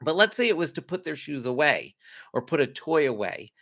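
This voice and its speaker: A man giving a conversational parenting lesson, explaining steps in a relaxed, chatty way with frequent small laughs. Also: a little high, fairly quick, creaky. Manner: lively, conversational, laughs often. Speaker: parenting coach. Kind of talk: instructional talk to parents.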